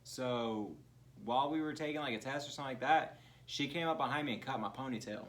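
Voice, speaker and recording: In a mid-range, slightly bright voice at a quick pace, a podcast co-host chats casually on a comedy show. He tells profane childhood stories in a loose, laughing way.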